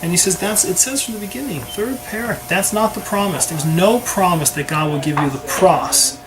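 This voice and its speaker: A man's voice: high-pitched, moderate pace, rough recording. A man teaching a conversational Torah class who keeps checking in with his listeners by asking "right?". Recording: steady background noise.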